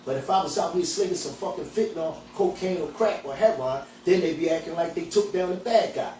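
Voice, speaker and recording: A man's voice: on the high side, fairly quick, dark tone, a little hiss or hum. A man hosting a podcast, ranting bluntly and profanely. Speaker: podcast host and hemp dispensary owner. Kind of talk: angry outspoken rant. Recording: echoey room, voice from far off, faint ambience.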